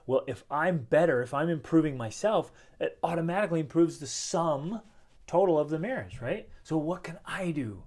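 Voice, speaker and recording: A man's voice: a little high, lively intonation, normal speed, a little mellow. A man in his thirties hosting a motivational talk at home, speaking emphatically and posing rhetorical questions. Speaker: host. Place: home with children playing nearby.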